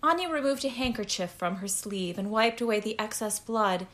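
A woman reading a story aloud as narrator, in a measured, even way. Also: medium pitch. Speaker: audiobook narrator. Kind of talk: scripted narration.

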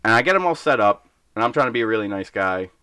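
A man's voice: fairly low pitch, expressive, fast talker, pushed and bright, smooth, no room sound. A young man co-hosting a casual podcast, bluntly ranting about his job and breaking into acted-out voices. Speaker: podcast co-host.

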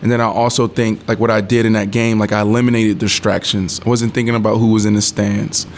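A man's voice: lowish voice, fast, slight background noise. A man in his thirties, a former pro football player, telling a story in a casual interview, acting out quotes and laughing. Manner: animated storyteller who acts out quotes, swears, laughs. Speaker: former NFL wide receiver, guest.

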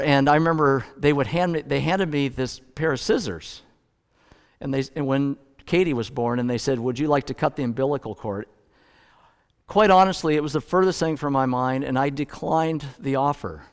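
A middle-aged male pastor preaching a sermon in a relaxed storytelling way, correcting himself now and then. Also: medium pitch. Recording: long hall reverb.

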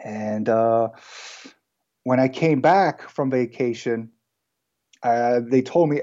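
A man tells his story in a loose, conversational way, full of fillers and restarts. His voice is mellow and warm at a middling pitch. The recording sounds slightly dull and lo-fi. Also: normal speed. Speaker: guest entrepreneur. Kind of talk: casual storytelling interview.

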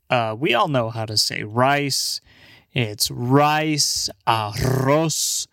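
Man, young adult, casual rambling, halting speech, dry close sound. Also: mid-range voice, a bit bright, no echo. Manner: halting, stammering, swears and laughs often. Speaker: language video maker. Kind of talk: casual rambling vocabulary list.

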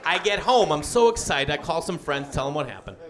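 A man's voice: a little high, expressive, a little fast, a loud crowd, very noisy. A man doing stand-up storytelling on a comedy club stage, acting out the voices in his story.

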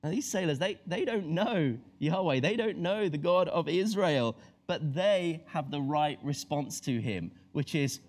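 Animated man preaching a sermon. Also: fairly high pitch, moderate pace. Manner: animated storytelling, acts out voices of biblical figures.

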